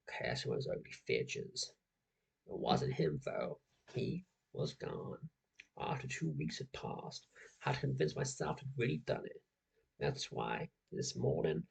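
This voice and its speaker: A young man voicing a paranoid man who narrates his own horror tale in a put-on American accent, reading a creepypasta slowly and broodingly. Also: very deep voice, creaky, husky, voice pushed down, heavily acted, low-quality recording. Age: young adult.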